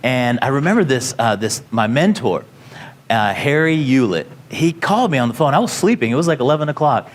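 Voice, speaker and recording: Everyday man in a casual talk: rambling anecdotes, lots of "you know", mid pitch. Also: very animated, fairly quick, slight background noise. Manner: rambling, full of "you know" fillers and restarts. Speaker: company founder speaking to students.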